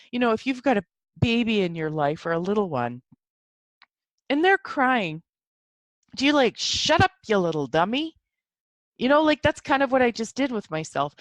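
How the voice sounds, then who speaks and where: A woman's voice: medium pitch, no echo. A woman hosting her own podcast, talking casually in a rambling, chatty way with many fillers and an encouraging self-help tone. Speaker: podcast host. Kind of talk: casual solo talk.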